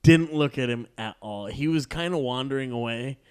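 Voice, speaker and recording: A man's voice: medium pitch, normal speed, clean tone. A man telling a long, profane story to friends in a casual chat, laughing often as he goes. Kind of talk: casual anecdote among friends.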